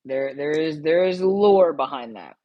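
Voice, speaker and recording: A woman streamer in a loose live-stream chat, talking straight to her viewers. Her voice sits a little low, and she drawls slowly, circling back and repeating herself as she rambles. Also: animated, lo-fi sound.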